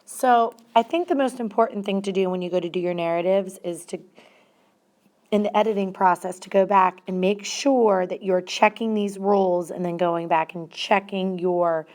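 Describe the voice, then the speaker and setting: A woman's voice: mid-range voice, fairly even intonation, normal speed, darkish tone. A woman teacher giving a grammar lesson, explaining step by step and stressing single words.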